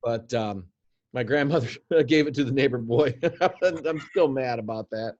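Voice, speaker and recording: Calm man on dull lo-fi audio. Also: mid-range voice, normal speed. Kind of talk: casual chat.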